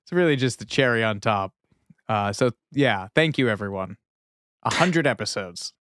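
A man's voice: lowish voice, expressive, moderate pace, fairly bright tone. A man co-hosting a podcast, rambling in a self-deprecating way with lots of fillers and laughs. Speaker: podcast co-host. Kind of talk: casual podcast chat.

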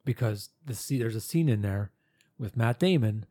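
Dark, husky-voiced blunt man. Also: fairly low pitch, expressive, moderate pace. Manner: blunt and profane. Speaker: podcast co-host. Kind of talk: casual chat.

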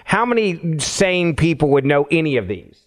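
A man's voice: a little high, sing-song, moderate pace. A man co-hosting a political podcast, bemused and incredulous at what he hears. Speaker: podcast co-host. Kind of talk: casual political chat.

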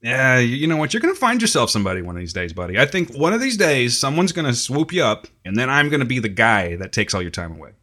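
Give me a joking man with a slightly sore throat, lively pitch, bright tone. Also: fast, hardly any pauses. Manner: jokey, laughs often. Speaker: podcast co-host. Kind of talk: casual banter.

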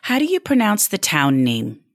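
A woman's voice: medium pitch, wildly swooping pitch, moderate pace. A woman hosting an interview, asking curious, friendly questions. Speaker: interview host. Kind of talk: casual interview chat.

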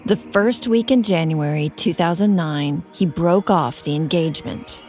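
A woman hosting a podcast, reading a scripted true-crime narration in a measured, serious way. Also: lowish voice, darkish tone, soft background music.

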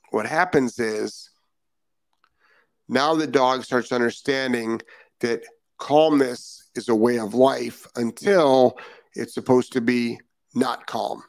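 A man's voice: medium pitch, dry recording. A man hosting a live dog-training show, talking bluntly and repeating his key points for emphasis. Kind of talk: live-stream talk. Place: Florida.

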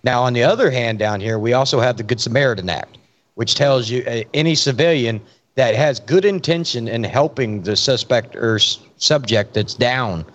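A man's voice: mid-range voice, moderate pace. Man, cop, casual chat, swears, tells stories, muffled lo-fi sound. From Florida. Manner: storytelling, swears freely, relaxed drawl. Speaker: podcast co-host, police officer.

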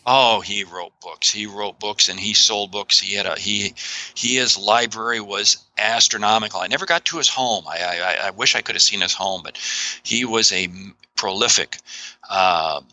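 A man talking as a guest author in a podcast interview, animated and emphatic, with frequent exclamations. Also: on the low side, normal speed, low-quality recording.

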